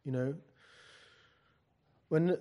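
A man leading a poetry class talks in halting bursts, often restarting and repeating words, and drops dry, wry asides. He moves between loose teaching talk and reading aloud from his own book. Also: a little high, lo-fi sound.

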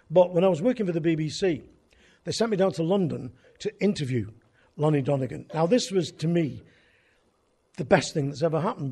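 A man's voice: on the high side, creaky, warm tone, breathy edge. An older man, a folk show host telling wry, rambling anecdotes in a conversational way. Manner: wry, conversational, drifting tangents. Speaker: folk radio host and storyteller. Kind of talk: anecdotal storytelling.

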